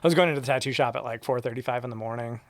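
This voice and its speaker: A man being interviewed about his sign painting work, talking in a relaxed, rambling way with lots of fillers. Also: mid-range voice, very fast, no echo. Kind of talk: casual conversation.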